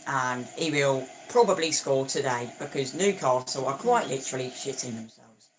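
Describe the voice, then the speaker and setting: A young man talks casually over a live football match, opinionated and quick to correct himself, with plenty of restarts. His voice sits at a middling pitch. A faint hiss of background noise runs under him. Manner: chatty and opinionated, with frequent restarts and stumbles. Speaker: football watchalong streamer.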